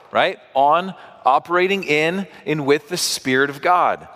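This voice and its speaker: A man's voice: fairly high pitch, a little slow, a bit bright. Man preaching in a reverberant church. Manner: conversational, with asides to the congregation. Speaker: pastor. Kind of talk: sermon.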